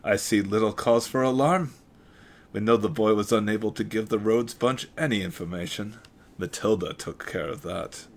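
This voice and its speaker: A man's voice: fairly low pitch, normal speed. A man voicing a pompous, heavy male villain doctor in a put-on German accent, blustering and dismissive.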